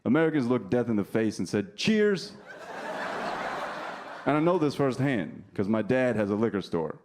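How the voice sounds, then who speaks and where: A thirty-something comedian on a club stage is expressive and fairly quick in a lowish voice, needling the crowd with brash, profane material. Background noise and a faint audience come through on the live recording.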